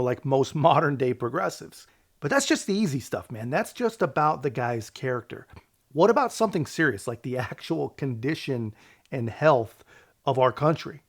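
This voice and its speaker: A man's voice: mid-range voice, animated, moderate pace. A male host giving casual, sarcastic political commentary, laughing often and tagging lines with "man" and "right".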